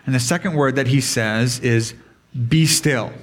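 A man preaching a sermon to a congregation in a conversational way, asking them questions and changing his pace for emphasis. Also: medium pitch. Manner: conversational, asks the audience questions; varied pace, speeds up and slows for emphasis. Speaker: pastor.

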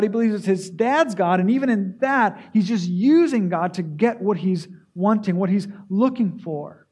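A man with a high-pitched voice delivers a sermon, putting rhetorical questions to his listeners. He often doubles words as he restarts his phrases. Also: moderate pace, hardly any pauses, a little mellow, slightly rough. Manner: poses rhetorical questions to the congregation. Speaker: preacher.

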